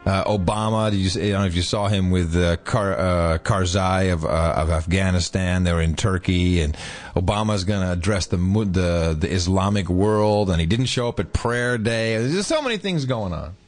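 A man's voice: deep voice, normal speed, soft background music. A man co-hosting a podcast in loose, joking chat, tired from jet lag. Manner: loose, joking, animated banter with laughs. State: jet lagged. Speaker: podcast co-host. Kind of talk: casual chat. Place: United Kingdom.

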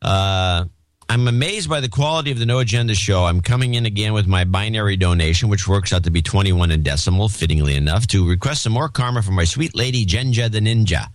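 A man with a fairly low voice reads listener notes and tosses off sardonic asides in casual podcast banter. He sounds plain and matter-of-fact. The close mic gives a very dry studio sound. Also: fast, dry recording. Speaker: podcast co-host reading donor notes.

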